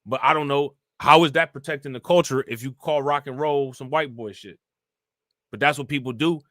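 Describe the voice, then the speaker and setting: A man with a bright, forceful voice rants in loose, slangy livestream commentary, reading out chat comments as he goes. The sound is close and dry. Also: medium pitch, normal speed, dry recording. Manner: animated, ranting, slangy. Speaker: livestream host reacting to news.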